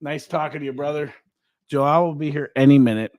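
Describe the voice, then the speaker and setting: A man hosting a podcast from a studio desk, chatting and joking in a playful, animated way. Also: on the high side, brisk, no echo. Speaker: podcast host. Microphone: desk microphone.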